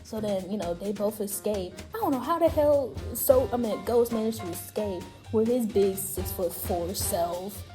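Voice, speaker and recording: A woman hosting a casual chat, excitedly recapping a video game story with frequent laughter and swearing. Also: mid-range voice, normal speed, hardly any pauses, music in the background. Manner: animated, laughs often, profane. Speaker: host.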